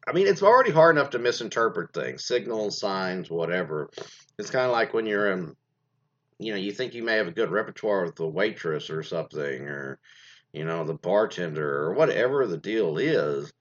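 Low-voiced male host, casual rambling chat, lots of fillers, lively pitch, dull lo-fi recording. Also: moderate pace. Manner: rambling, many fillers and restarts. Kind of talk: casual commentary on reader stories. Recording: dull lo-fi sound.

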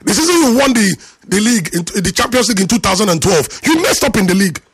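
A man hosting a call-in sports radio show, ranting at a caller in an animated, teasing way. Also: high voice, fast talker, husky, dry recording, studio quality. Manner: animated, teasing, preachy rant.

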